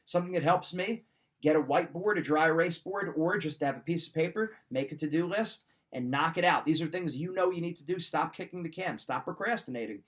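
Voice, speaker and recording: A middle-aged man with a slightly raised pitch gives a motivational coaching talk. He speaks in a firm, emphatic, direct way. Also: brisk. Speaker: wrestling mindset coach.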